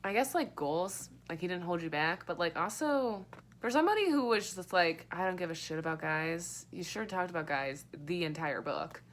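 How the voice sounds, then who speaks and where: A young woman chatting through a book review in a rambling, sarcastic way, dropping swear words and fillers as she goes. Her voice sits a little low, and faint ambient noise hums behind her. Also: lively intonation, normal speed. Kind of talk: casual book review chat.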